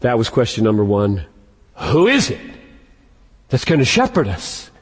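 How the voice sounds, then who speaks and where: A man preaching a sermon as pastor, emphatic and slowing down to stress key words. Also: on the low side, huge pitch swings, slightly rough. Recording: long hall reverb.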